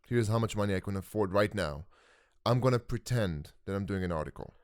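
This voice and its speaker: A man's voice: fairly low pitch, brisk, clean tone, no echo, studio quality. A young man hosting a podcast interview, enthusiastically restating his guest's points in casual chat. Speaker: podcast host.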